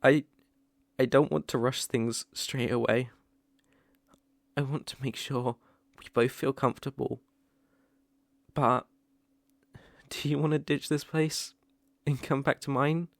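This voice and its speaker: A tender, remorseful young ex-boyfriend with a British accent, as a man plays him in a whispered role-play. His voice carries a gravelly, fry-laden edge and he lingers slowly over each halting phrase, close and dry on the mic. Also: mid-range voice, steady tone, dry recording. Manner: hesitant, halting, with soft laughs. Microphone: close mic, ASMR.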